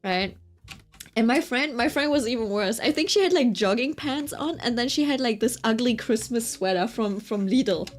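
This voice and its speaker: A young woman telling a chatty, animated story to her stream audience, often checking in with her listeners. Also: a little high, normal speed. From Britain. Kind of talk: casual storytelling chat.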